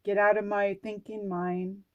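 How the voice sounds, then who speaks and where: A woman's voice: mid-range voice, little pitch movement, a little slow, smooth, lo-fi sound. A middle-aged woman chatting through an oracle card reading, talking to herself and reading card texts aloud with casual swearing.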